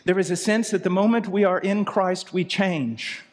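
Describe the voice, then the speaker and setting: A man delivers a sermon in a high, urgent voice that climbs to near-shouts and drops to hushed, low lines. The sound carries a long reverb, as from a large church hall. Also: moderate pace. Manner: impassioned, swinging from soft low asides to raised cries. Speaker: preacher.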